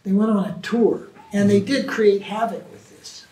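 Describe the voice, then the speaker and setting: Colloquial swami answering questions, echoey room. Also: male voice, sits high, fairly even intonation, normal speed, warm tone. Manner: colloquial and emphatic, many "you know" asides. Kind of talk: informal spiritual Q&A talk. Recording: echoey room, distant mic.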